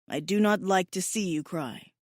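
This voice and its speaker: A woman's voice: lowish voice, normal speed, no room sound, lightly acted. A big blue alien warrior, stern and protective, as a woman narrator puts him on. He speaks in clipped, formal sentences with no contractions, in a slightly altered timbre of the audiobook voice. The recording is dry and close. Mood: stern concern. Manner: terse, formal speech without contractions.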